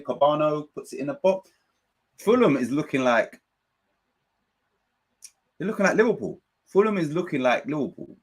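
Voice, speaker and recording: Excitable man hosting a football watchalong. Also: medium pitch. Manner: excitable, reads out viewer chat. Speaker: watchalong host. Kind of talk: live football watchalong commentary.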